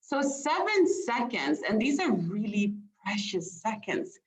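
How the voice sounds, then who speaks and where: A woman's voice: mid-range voice, sing-song, a little slow. A woman communication expert giving a webinar presentation, engaging her audience with questions and light laughter. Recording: roomy, dull lo-fi sound.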